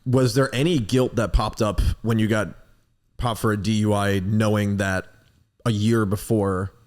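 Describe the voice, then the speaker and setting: A man with a somewhat low voice hosts a podcast interview. He speaks in a relaxed, conversational way and often drops in short nods of agreement. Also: measured pace. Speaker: podcast host. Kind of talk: casual interview chat.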